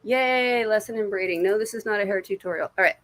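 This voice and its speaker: A woman's voice: medium pitch, quick pace, fairly bright tone. A woman giving casual livestream intuitive readings from her couch, chatty and swearing freely. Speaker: intuitive reader. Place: home, on a couch.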